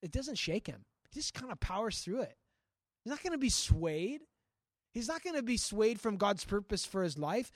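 A male pastor teaching a sermon in a conversational, animated way, acting out scripture and talking straight to his listeners. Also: sits high, normal speed, no echo, studio quality. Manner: frequent restarts and asides to listeners.

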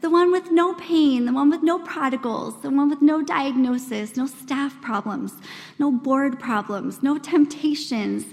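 A high-pitched woman in her forties gives a sermon to a room of women, talking in an earnest, conversational way. She acts out quoted voices with big swings in pitch. The long reverb of a large church hall carries her voice. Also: measured pace, creaky, a little mellow. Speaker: speaker at a women's church gathering.

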